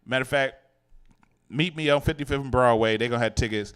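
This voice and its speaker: A man's voice: medium pitch, quick pace, fairly bright tone, clear, resonant tone. A man hosting a radio show, chatting casually and joking with his guests through a headset mic. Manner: playful, joking, laughs often. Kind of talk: casual on-air chat.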